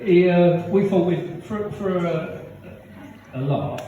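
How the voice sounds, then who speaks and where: A man's voice: high voice, takes it slowly, background noise. A man doing a live stand-up set, delivering punchy jokes and acting out the characters in them. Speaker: stand-up comedian. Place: comedy pub venue with live audience. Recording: roomy, distant, dull live recording.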